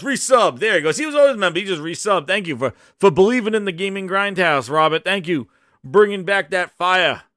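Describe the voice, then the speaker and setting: A man hosting a casual live stream, hyped and shouting out viewers, his voice hoarse after a long day. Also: a little high, no room sound, studio quality. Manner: hyped, shouts out chat names.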